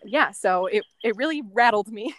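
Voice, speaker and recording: A woman's voice: a little high, expressive, normal speed, a bit bright, dry recording. A woman being interviewed, telling a story casually, with lots of "like" and "um" and small laughs between thoughts. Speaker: guest, former end-of-life caregiver.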